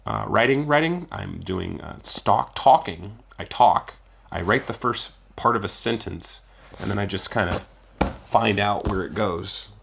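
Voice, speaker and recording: A young adult man with a Southern US accent, hosting his own podcast in a casual, profane, rambling monologue with bursts of loud emphasis. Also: fairly low pitch, expressive, a little slow, vocal fry, a little hiss or hum. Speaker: podcast host.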